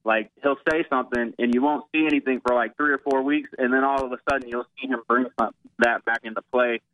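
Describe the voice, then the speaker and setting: A man's voice: medium pitch, fairly even intonation, fast talker, no room sound. A man from Georgia calling into a radio show, eager and hesitant, full of ums and uhs, over a phone line. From Georgia, USA. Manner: hesitant, filler-heavy, eager. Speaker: caller. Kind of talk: call-in radio chat.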